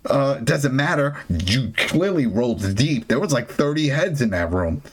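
A man's voice: mid-range voice, very animated, a little slow, a little hiss or hum. A man hosting a casual TV recap, ranting with exasperation and frequent restarts. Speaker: TV show recap host. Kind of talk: casual opinionated recap chat.

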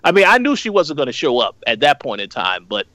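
A man with a bright, forceful voice recorded dry and close. He is co-hosting a casual discussion and works through his points one at a time in a measured way. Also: mid-range voice, wildly swooping pitch, no room sound. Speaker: podcast co-host.

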